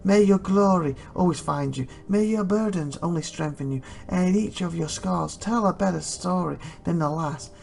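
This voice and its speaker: A man's voice: sits high, moderate pace, creaky, hardly any pauses, a little mellow, pitched above the performer's own voice. A man voicing a grand, proud elderly knight in a game, declaiming in flowery lines. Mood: solemn.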